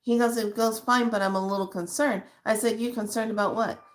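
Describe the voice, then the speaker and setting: Middle-aged woman vlogger, fairly high voice, animated emotional storyteller. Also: a little fast, slight background noise. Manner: emotional, animated retelling with acted quotes. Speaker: spiritual vlogger. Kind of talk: personal storytelling to viewers.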